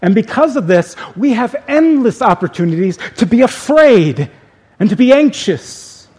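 A man preaching a sermon as pastor, speaking slowly and deliberately with dramatic pauses. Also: very high-pitched, very animated, darkish tone, breathy edge.

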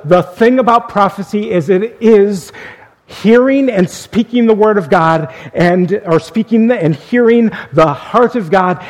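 Brief: male pastor, slow deliberate sermon delivery, slightly high voice, earnest. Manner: earnest, swings from emphatic to hushed. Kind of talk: sermon storytelling.

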